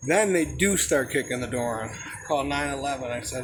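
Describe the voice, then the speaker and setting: A young man casually telling a personal story in a rambling, profane, animated way, with a noisy background. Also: mid-range voice, normal speed. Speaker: storyteller recounting a personal experience.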